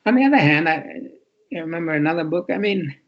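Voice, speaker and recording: A man's voice: a little high, lively intonation, quick pace, highs cut off. A man in his eighties from New York City, a children's author telling wry stories in a casual interview, chuckling as he reads out readers' letters. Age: 80s. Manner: wry storytelling, chuckling, reading letters aloud. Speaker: children's book author, guest.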